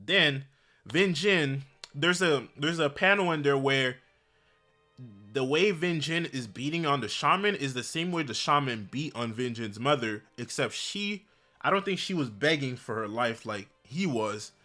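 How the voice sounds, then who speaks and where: A man casually recapping a comic chapter with animated, slangy storytelling. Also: medium pitch, unhurried, faint music behind. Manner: animated, slangy storytelling, frequent "bro" and "basically". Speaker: manhwa recap YouTuber.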